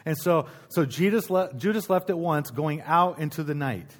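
A middle-aged male pastor preaching in a church, reading scripture aloud and explaining it in a relaxed, conversational way, with asides to the congregation. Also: fairly high pitch, normal speed. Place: church sanctuary.

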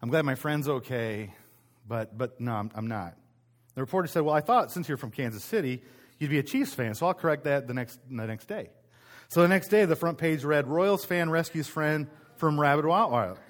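A man pastor giving a casual, conversational sermon, telling stories with frequent restarts in a church meeting room. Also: medium pitch. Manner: conversational storytelling, self-interrupting restarts.

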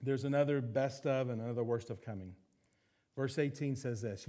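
A man preaching a sermon as pastor, animated, acting out little voices and quotes. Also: medium pitch, normal speed.

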